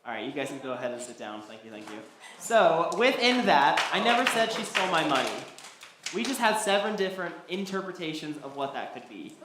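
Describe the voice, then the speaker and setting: A man's voice: on the high side, big pitch swings, fairly quick. A man teaching a Bible study class, talking loosely with many ums and restarts. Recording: echoey hall, faint background noise.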